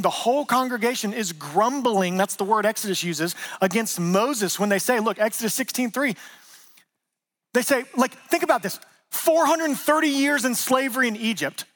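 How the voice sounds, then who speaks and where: A man in his thirties preaching a sermon as pastor, conversational and animated, acting out quotes and joking with the congregation. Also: extremely high pitch.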